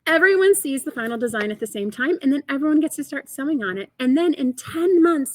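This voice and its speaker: A woman's voice: sits high, expressive, brisk, no echo, poor audio. Chatty, upbeat woman hosting a livestream. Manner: chatty, enthusiastic, reads and answers viewer chat. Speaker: host of a quilting shop livestream. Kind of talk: upbeat live product show.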